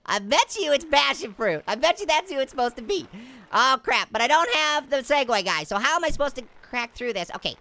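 A heavily acted take on the talking orange: high, very animated, brisk, with vocal fry and a sharp edge. He's a hyper, cheeky male who giggles, puns and chatters endlessly while playing, all in playful let's-play commentary.

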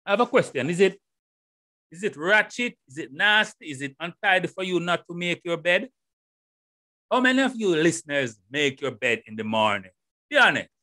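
A middle-aged man with a Jamaican accent, hosting a solo podcast and talking straight to his listeners with loud, animated rhetorical questions. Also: high-pitched, normal speed, dry recording, clean studio sound. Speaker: podcast host. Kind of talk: casual solo podcast monologue. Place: home room in Holland. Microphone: headphones and desk mic.

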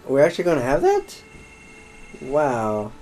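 A man's voice: medium pitch, huge pitch swings, measured pace, a little mellow, faint music behind, low-quality recording. A young man casually chatting over gameplay as a let's play host, rambling and joking with viewers. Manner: rambling, playful, addresses viewers as folks.

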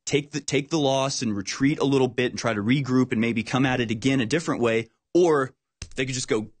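Guy hosting a talk show, fired up and emphatic, stumbles over words, mid pitch. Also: brisk. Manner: animated, emphatic, repeats words when worked up. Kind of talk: casual political talk.

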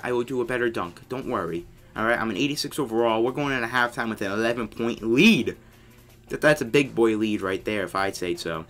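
A young man talks through his basketball video game in a bright, forward voice. He rambles casually and shouts when shots drop, then grumbles when teammates mess up. Faint music plays underneath. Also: medium pitch. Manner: excitable, yelling on big plays, grumbling at teammates. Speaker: gamer commentating his own play. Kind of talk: casual gameplay commentary.

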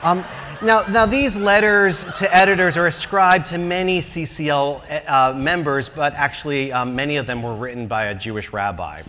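An American man telling a comic story at a conference, animated and self-mocking, acting out his own panic. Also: on the high side, moderate pace. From United States. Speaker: conference speaker. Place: conference hall. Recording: echoey hall, faint noise.

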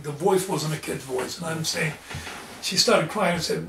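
A man's voice: a little high, normal speed, gravelly, a bit bright, slight background noise. A man and lay preacher telling his experiences in an interview, earnest and fervent. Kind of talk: storytelling in an interview. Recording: echoey room, distant mic, faint ambience.

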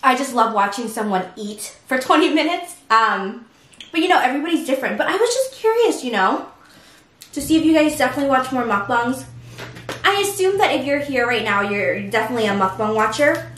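A woman's voice: a little high, lively intonation, a little fast, a bit bright, far from the mic. A woman hosting a mukbang, chatting casually at home between bites and laughing often. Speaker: mukbang host. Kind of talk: casual chat while eating. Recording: roomy echo from off-mic.

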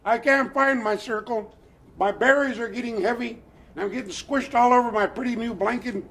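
A man's voice: very high-pitched, fairly even intonation, moderate pace, gravelly, a bit bright, pitched above the performer's own voice, full character voice. An older man voicing a lost, hungry young girl who whines and complains, in a storytelling tale. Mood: whining. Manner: whining, crying out.

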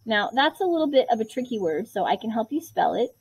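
A woman's voice: on the high side, sing-song, quick pace, a little mellow, slightly rough, poor audio. A woman teaching kindergarten writing in a patient, encouraging way, sounding out each word step by step. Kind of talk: online writing lesson for young children.

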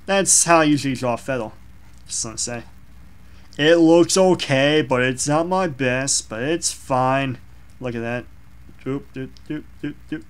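A man's voice: mid-range voice, unhurried, clean tone. Young man, casual drawing vlogger, rambling and self-deprecating. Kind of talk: casual commentary over a drawing.

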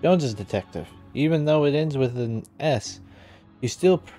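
A man's voice: medium pitch, animated, normal speed, dark tone, faint music behind, close to an everyday voice. A man voicing a prim, defensive nanny in a video game with a put-on accent and curt replies. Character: prim, evasive woman nanny, snippy and suspicious.

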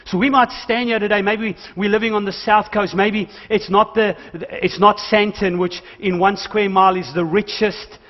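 A man delivers a sermon with urgent calls to his congregation and jokes in between. His voice sits high, and the sound is dull and muffled, with a long reverb that trails through the church hall. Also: fairly even intonation, moderate pace, hardly any pauses. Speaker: pastor.

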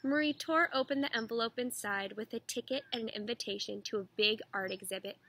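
A teacher reading a children's picture book aloud in a steady, expressive storytelling manner. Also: female voice, fairly high pitch, fairly quick, slight background noise, rough recording.

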